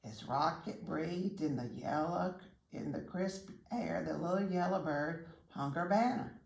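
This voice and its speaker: An older woman, a retired teacher, reading a children's story aloud in a gentle, teacherly way, pausing to ask the listener questions. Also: on the low side, creaky. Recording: roomy echo.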